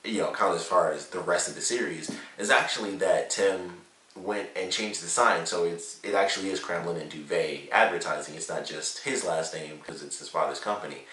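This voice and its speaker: A man's voice: deep voice, normal speed, pushed and bright, roomy sound, distant mic, low-quality recording. A man casually reviewing a TV episode, rambling and amused, with plenty of fillers and restarts. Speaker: show reviewer.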